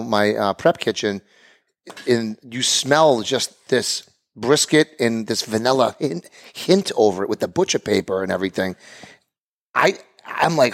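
A man hosting a casual podcast chat, easygoing and jokey, often repeating himself. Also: mid-range voice. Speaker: podcast host.

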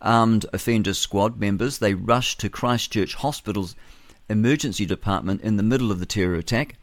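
A man's voice: on the low side, normal speed, no echo. A man with a New Zealand accent hosting a breakfast talk radio show, delivering a rambling, forthright monologue with chuckles and self-corrections into a studio microphone. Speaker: radio host.

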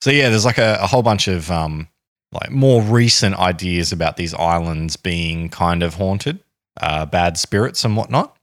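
A man's voice: deep voice, normal speed, no room sound, studio quality. An Australian man co-hosting a podcast, recounting a story in a rambling, jokey way and often correcting himself. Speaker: podcast co-host. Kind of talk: casual chat, telling a story.

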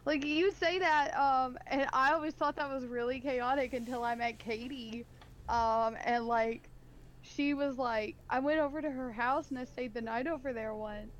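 A woman's voice: sits high, moderate pace. A woman on a casual podcast telling a story, chatty and full of "like" and "um" fillers. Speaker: podcast co-host. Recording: faint background noise.

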